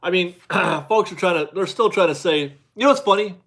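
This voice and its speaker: A man with a slightly high voice hosts a casual live stream and chats with viewers. He rambles, restarts his sentences and laughs easily. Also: fairly quick, a bit bright. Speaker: livestream host reading viewer chat.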